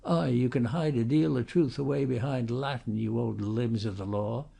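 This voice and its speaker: A man's voice: mid-range voice, moderate pace, gravelly, warm tone, breathy edge. A man voicing a blunt, sneering tradesman in a storybook.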